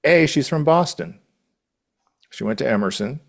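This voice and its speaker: A man's voice: medium pitch, animated, normal speed, gravelly. A man co-hosting a podcast, chatting casually and enthusiastically in a rambling way with many restarts. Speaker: podcast co-host. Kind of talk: casual chat.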